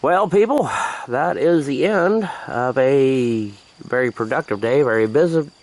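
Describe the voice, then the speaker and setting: A man's voice: mid-range voice, lively intonation, measured pace, darkish tone. A man in a casual, rambling vlog, laid-back and drawling, talking into a handheld camera outdoors in a rural yard. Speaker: homesteading vlogger. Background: crickets and insects outdoors.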